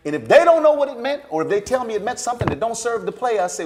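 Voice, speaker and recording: A middle-aged man with a Southern US accent, a stage director telling lively stories in a panel conversation and acting out the voices of the people in them. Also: very high-pitched, racing, noisy background. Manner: animated storyteller, acts out voices, Southern-flavored speech.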